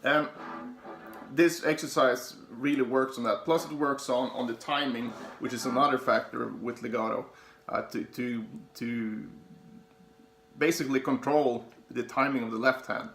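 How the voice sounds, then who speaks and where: Gravelly-voiced man teaching guitar. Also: medium pitch, steady tone, fairly bright tone, a little hiss or hum. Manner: halting, many fillers and restarts, counting along with playing. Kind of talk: casual instructional talk. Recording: echoey room with guitar playing.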